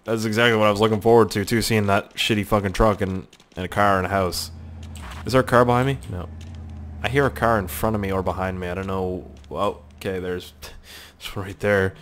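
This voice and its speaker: A young man giving joking, excitable let's-play commentary as a gaming YouTuber, swearing a lot as he goes. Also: lowish voice, fairly quick, a little hiss or hum.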